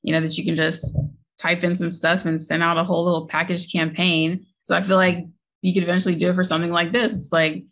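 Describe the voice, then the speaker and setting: A woman's voice: lowish voice, level tone, quick pace, a bit bright. A woman co-hosting a tech podcast, chatting casually, often laughing and correcting herself mid-sentence. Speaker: podcast co-host.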